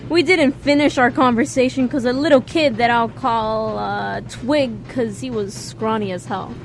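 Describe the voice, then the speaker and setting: A young woman with a high voice tells a casual storytime for an animated video. She rants sarcastically and bursts into loud acted quotes, with faint music under her. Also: unhurried, few pauses.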